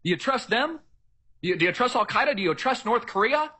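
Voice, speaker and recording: A man's voice: extremely high pitch, animated, brisk, bright, forceful tone. A man delivering an emphatic, repetitive political rant, mocking the people he argues with. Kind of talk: ranting political monologue.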